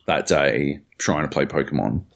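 A man's voice: extremely low pitch, moderate pace, vocal fry, muffled recording. A young man co-hosting a podcast, rambling through casual stories, swearing freely and laughing often. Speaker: podcast co-host. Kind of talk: casual chat.

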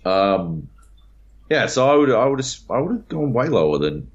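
Profane, ranting man with lively pitch. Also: moderate pace. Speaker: podcast co-host. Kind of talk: casual podcast chat. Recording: dull lo-fi audio.

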